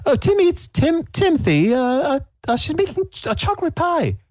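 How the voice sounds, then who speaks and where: A man's voice: very high voice, sing-song, a little fast, darkish tone, pitched above the performer's own voice. A man voicing a small, fussy woman competing in a pie contest, gushing and stammering. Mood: excited.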